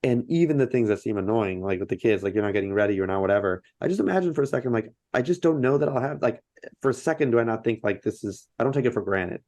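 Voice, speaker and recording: A man's voice: mid-range voice, lively intonation, fast, a little mellow, no echo. A man in his thirties, a podcast guest speaking earnestly with many fillers in casual conversation.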